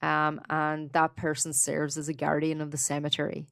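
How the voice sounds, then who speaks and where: A woman co-hosting a podcast, relaxed as she tells researched material in casual chat with some fillers. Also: sits low, normal speed, creaky, dry recording, clean studio sound. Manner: relaxed storyteller, reading researched notes with fillers. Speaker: podcast co-host.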